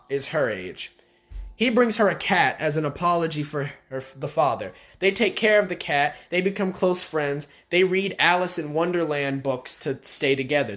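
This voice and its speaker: A man with a slightly high voice recaps a TV episode in a sarcastic, profane rant. He sounds exasperated and talks casually to the camera. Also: a bit bright. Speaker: video commentator. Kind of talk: ranting TV show recap.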